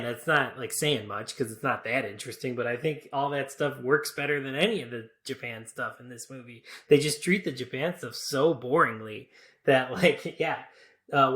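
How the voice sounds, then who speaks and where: A laid-back man in his thirties chats about a movie on a podcast and laughs easily. His voice sits at an average pitch and carries the echo of a roomy space. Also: fairly bright tone. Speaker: podcast co-host. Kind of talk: casual movie review chat.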